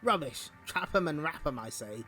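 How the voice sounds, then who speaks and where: A man's voice: fairly high pitch, lively intonation, moderate pace, bright, forceful tone, faint music behind. A man voicing a greedy, blustery male cave spider who grumbles. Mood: grumbling.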